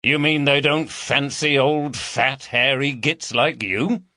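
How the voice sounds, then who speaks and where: A man's voice: mid-range voice, fairly even intonation, slow, pushed and bright, no echo, clean studio sound, voice pushed up. A man voicing an easygoing, jokey detective of about thirty from London. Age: around 30.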